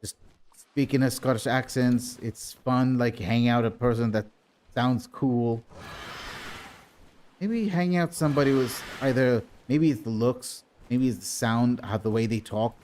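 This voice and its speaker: A man's voice: medium pitch, a little slow, darkish tone, slight background noise. A man giving casual commentary on a playthrough of a video game, rambling and often restarting his sentences. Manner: rambling, with frequent restarts and repeated words. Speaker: gaming video host.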